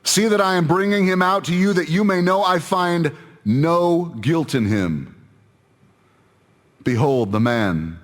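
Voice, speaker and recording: A man's voice: on the high side, lively intonation, measured pace, big-room sound, voice pushed up. A man reading the part of an uneasy Roman governor in a scripture reading, pressing questions on a crowd. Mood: firm.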